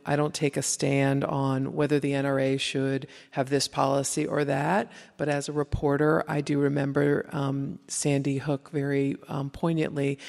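A woman reporter speaking on a live panel, halting with frequent restarts and fillers. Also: low-pitched, gravelly, a little mellow. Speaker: investigative reporter. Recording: reverberant hall.

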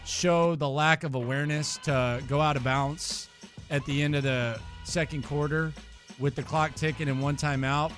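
A man co-hosting a sports talk radio show, ranting with animated exasperation. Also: on the high side, normal speed, faint music behind.

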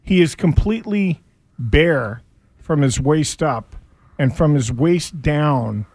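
A male radio co-host trades teasing wisecracks in casual banter. His voice sits a little high, and the sound is dry and close with no room echo. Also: animated, slow, a little mellow. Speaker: radio co-host, former hockey player.

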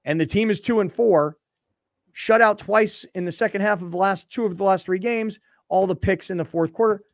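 A man hosting a sports talk show, chatting casually in an animated, mocking way. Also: high voice, normal speed, no echo, clean studio sound. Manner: animated, mocking, shifts into impressions. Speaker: sports radio host.

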